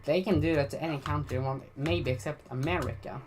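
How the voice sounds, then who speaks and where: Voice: medium pitch, quick pace, darkish tone, soft background music. A vlogger from Sweden giving casual commentary in a rambling, blunt and profane way, with frequent restarts.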